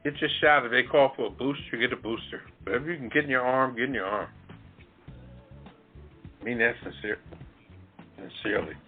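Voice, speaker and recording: A man's voice: mid-range voice, brisk, long pauses. A man co-hosting a casual talk show, laid-back and earnest. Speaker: co-host. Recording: tinny phone-line audio, faint music.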